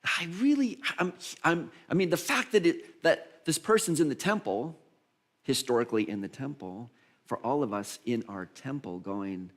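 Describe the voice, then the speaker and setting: Animated man preaching a sermon. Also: mid-range voice, normal speed. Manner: animated storyteller, acting out voices of Bible figures. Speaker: minister.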